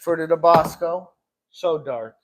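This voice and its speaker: A man with a fairly high voice talks slowly and casually to himself while he sets out gelato in his shop, clearing his throat now and then. Clicks and steady work noise sit clearly behind him. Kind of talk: casual live-stream chat while working.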